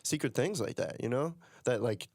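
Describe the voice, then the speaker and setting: A man hosts a loose, joking podcast chat at a middle pitch. His voice is close and dry, with no room sound. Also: expressive, moderate pace, darkish tone, no room sound. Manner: joking, laughs often. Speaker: podcast host. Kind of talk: casual crude chat.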